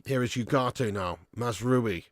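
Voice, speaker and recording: A young man hosting a live football watch-along, reading out chat messages and commentating casually, swearing and shouting at players before dropping back to low mutters. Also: measured pace, dry recording, clean studio sound.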